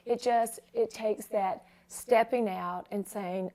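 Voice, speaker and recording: A woman's voice: medium pitch, fairly even intonation, takes it slowly, few pauses, mellow. A woman hosting a Christian talk show interview, moved to tears as she honors her guest. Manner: emotional, tearful while honoring her guest. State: tearful.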